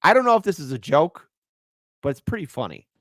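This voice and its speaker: A man's voice: on the high side, very animated, fairly quick, a bit bright, no echo. A man hosting a live stream, commenting on clips in a sarcastic, mocking way. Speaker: livestream host.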